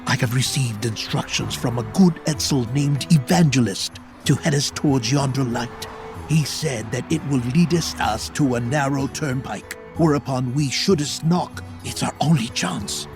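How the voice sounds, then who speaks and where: A man's voice: medium pitch, normal speed, natural voice. An actor playing a burdened, anguished male car pilgrim who speaks in old-fashioned, solemn, pleading phrases. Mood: earnest. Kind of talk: radio drama acting. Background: music.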